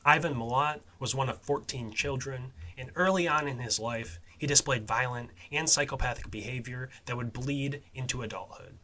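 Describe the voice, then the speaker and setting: A man hosting a true-crime and survival podcast, talking casually with swearing and fillers, his voice dropping quietly at phrase ends. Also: mid-range voice, normal speed, hardly any pauses. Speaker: podcast host.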